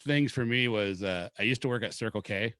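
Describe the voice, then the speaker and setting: A man from Seattle, Washington, hosts a podcast and tells a long, rambling story in casual chat, swearing freely in a laid-back way. His lowish voice is smooth and a bit bright, he talks a little fast, and there's no echo.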